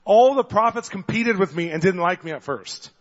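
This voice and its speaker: A man preaching a sermon, telling stories in an animated way, acting out the voices of the people in them and getting loud at times. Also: sits high, normal speed. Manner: animated storyteller, acts out voices, gets loud. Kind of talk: sermon with storytelling. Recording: dull long hall reverb.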